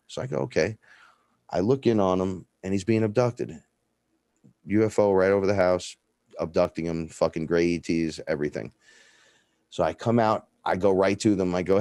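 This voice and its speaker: A man's voice: low voice, normal speed, no room sound, clean studio sound. A man telling stories in a casual, profane chat, acting out the dialogue. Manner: profane, animated, acts out dialogue in his stories. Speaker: guest.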